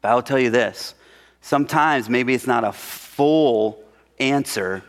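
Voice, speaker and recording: A middle-aged male pastor preaching a sermon, swinging between loud emphatic lines and hushed whispers. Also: medium pitch, slow. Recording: reverberant hall.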